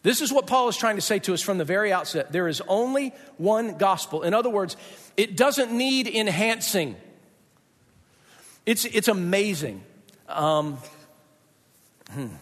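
A man preaches a sermon in an emphatic, conversational way and leans on dramatic pauses. His voice sits unusually high for a man. The sound carries a long reverb, as if it were recorded in a church sanctuary. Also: lively intonation, fairly bright tone. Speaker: pastor.

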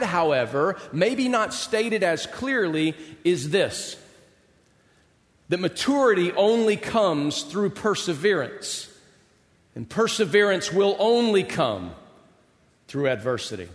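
A man's voice: high-pitched, sing-song, slow. Humorous storytelling pastor, man, echoing hall. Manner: humorous, self-deprecating storyteller with comic exaggeration. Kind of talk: storytelling sermon. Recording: long hall reverb.

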